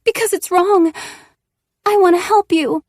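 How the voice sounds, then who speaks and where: A woman voicing a disturbed woman who mimics her sister in a high, sing-song, tearful voice. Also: a little slow, darkish tone, no echo, studio quality. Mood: pleading.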